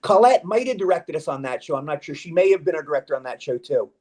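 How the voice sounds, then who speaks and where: A man's voice: fairly high pitch, lively intonation, fast talker, darkish tone. A man chatting as a guest in a casual interview, rambling and eager, with stammered restarts. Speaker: guest actor.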